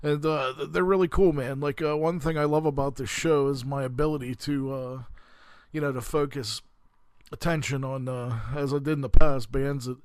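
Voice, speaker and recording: A man's voice: mid-range voice, fairly even intonation, normal speed, darkish tone, smooth, no room sound. A man hosting his own podcast in a casual, rambling way, full of filler words and calling his listeners cats. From western Pennsylvania. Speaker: podcast host. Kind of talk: casual chat.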